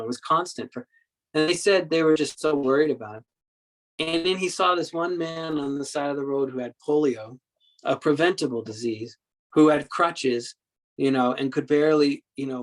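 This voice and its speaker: A man giving a Buddhist dharma talk as a meditation teacher, telling stories in a halting way with many repeated words and acting out quoted speech. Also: fairly high pitch, low-quality recording. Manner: acts out quoted speech in the story.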